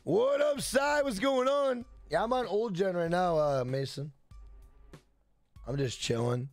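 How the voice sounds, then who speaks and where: A young man streaming a game, loud and brash, yelling and swearing as he answers his chat. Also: sits high, expressive, a little slow, no room sound, soft background music. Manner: loud, yells to be heard; brash and profane, reads chat aloud. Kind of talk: casual live-stream chat.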